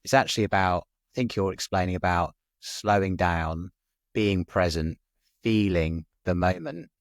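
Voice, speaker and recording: A man with a very low voice, hosting a conversational podcast. He talks in a thoughtful, halting way and makes fun of himself a little. The recording is close and dry. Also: no echo. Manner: reflective, hesitant, self-deprecating. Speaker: podcast host.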